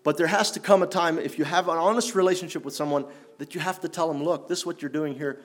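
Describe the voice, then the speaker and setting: A man preaching a sermon in an earnest, challenging way, rising for emphasis and dropping low. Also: steady tone, fast talker. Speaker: pastor.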